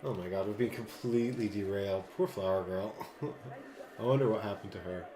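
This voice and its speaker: A man hosting a board game playthrough, relaxed and joking, often thinking aloud. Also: lowish voice, normal speed, a crowd in the background. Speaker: board game channel host. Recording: echoey room.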